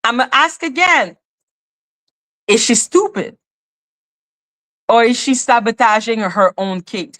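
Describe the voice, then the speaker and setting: A woman's voice: on the high side, lively intonation, slow pace, pauses often, fairly bright tone. Exasperated woman ranting with rhetorical questions. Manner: says she speaks with a non-native accent. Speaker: commentary channel host. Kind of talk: ranting commentary on a court case.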